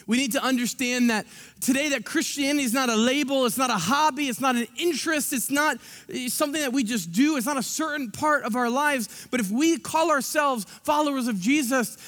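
A man with a strikingly high voice preaches a sermon from a church stage. He delivers it in an animated way, acting out little scenes, and his words ring out with a long hall reverb. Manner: animated, acts out scenes with quick asides. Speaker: pastor. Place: church sanctuary.

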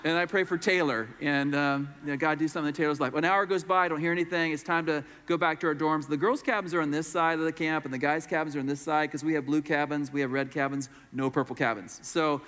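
A man's voice: a little high, fairly even intonation, fast talker, few pauses, a bit bright. A middle-aged man pastor telling a story in a sermon, acting out the voices of the people in it. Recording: long hall reverb.

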